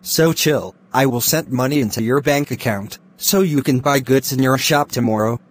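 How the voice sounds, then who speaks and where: A man voicing a wealthy, secretly wicked uncle in a Christian cartoon, speaking in a bossy, scornful way with a husky voice. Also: mid-range voice, normal speed, lightly acted. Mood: concerned. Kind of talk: Christian animation voice acting.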